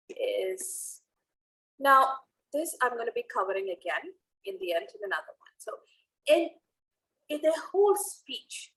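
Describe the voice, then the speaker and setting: A young female public speaking coach teaches online how to evaluate speeches, walking through it step by step and asking lots of rhetorical questions. Her voice sits high with a fairly bright tone, and the recording quality is low.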